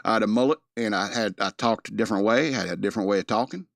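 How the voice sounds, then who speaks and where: A man's voice: lowish voice, racing, vocal fry, fairly bright tone, dry recording. Man, mid-Atlantic American accent, podcast host, loose joking monologue, dry recording. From East Coast of the United States. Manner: rambling, joking, laughs often. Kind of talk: casual monologue.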